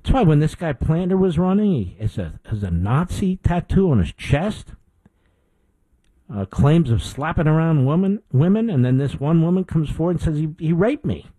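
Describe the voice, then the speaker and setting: A man's voice: fairly high pitch, sing-song, moderate pace, dark tone, no room sound, low-quality recording. A middle-aged man hosting a political talk show, delivering an indignant opinion monologue with emphatic repetition.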